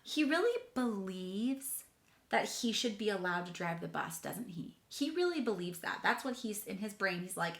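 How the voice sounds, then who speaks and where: A woman's voice: on the high side, lively intonation, moderate pace, fairly bright tone. A woman teacher giving a chatty, enthusiastic reading lesson to children, talking to them directly. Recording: echoey room.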